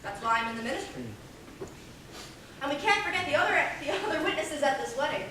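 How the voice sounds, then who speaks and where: A woman's voice: high voice, animated, quick pace, sharp tone. A woman playing a small-town minister who muses dryly and officiates a wedding, in a stage play. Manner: dry, musing, reflective. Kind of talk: stage acting. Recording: echoey hall, distant mic, noisy.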